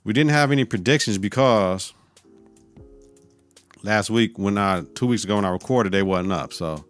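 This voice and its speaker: A man's voice: fairly low pitch, moderate pace, faint music behind. A male podcast host giving a casual, profane recap of a TV episode, laughing often.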